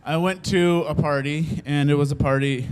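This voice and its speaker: His smooth, fairly high voice moves at a normal speed as he recounts a humorous personal tale to a live audience. Animated throughout, he breaks into laughter often and imitates the other people's voices.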